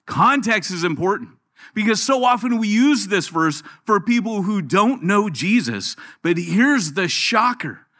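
A middle-aged man preaching a sermon in a church, telling jokes and stories as he goes. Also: high-pitched. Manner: joking, storytelling, animated. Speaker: guest preacher.

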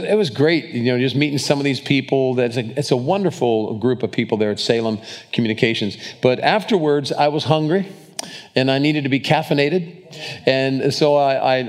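A man preaching a sermon to a live congregation, talking casually with restarts and asides to the crowd. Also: mid-range voice. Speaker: pastor.

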